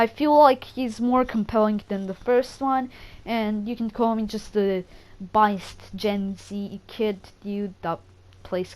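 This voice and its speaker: Woman, gaming chat, rambling and excitable, fairly high voice, curses, stumbles and restarts. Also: rough recording. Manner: rambling, excitable, swears and self-corrects often. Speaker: gaming channel creator. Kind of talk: casual gaming opinion talk.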